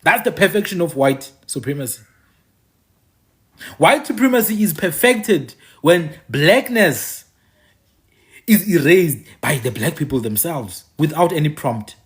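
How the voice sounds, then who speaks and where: A man's voice: a little high, lively intonation, unhurried. A man giving an impassioned monologue, repeating his phrases for emphasis and dropping mocking asides. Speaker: commentator.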